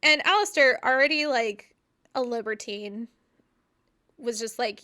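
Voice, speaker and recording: A woman's voice: fairly high pitch, a little slow, smooth. A young woman co-hosting a podcast, telling a story in casual chat with lots of fillers and cheerful swearing. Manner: animated, profane, trails off with fillers like "like". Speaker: podcast co-host.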